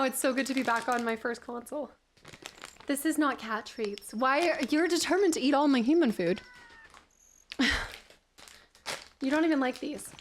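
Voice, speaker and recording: High, slow, giggly young woman streamer. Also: slight background noise. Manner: giggly, chatty, talks to her cat. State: voice going hoarse, clears throat. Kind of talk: casual gameplay chat. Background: game music.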